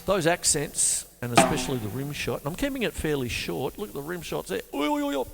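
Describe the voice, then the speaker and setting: A man's voice: a little high, sing-song, brisk, creaky, in a large hall, heavy background noise. A man teaching drums in a chatty, jokey way, counting beats aloud while he plays. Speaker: drum teacher. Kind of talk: drum lesson with counting aloud. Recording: loud drum kit playing over the voice. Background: drum kit.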